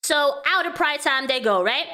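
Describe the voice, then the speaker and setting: A woman's voice: high voice, animated, normal speed, pushed and bright. A woman hosting a casual commentary stream, chatty and talking to her chat, laughing often. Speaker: vtuber host.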